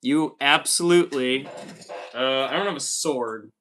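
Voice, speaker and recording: A man's voice: mid-range voice, unhurried, fairly bright tone. An American man hosting a casual livestream, reading chat messages aloud in an upbeat way. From United States. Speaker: livestream host.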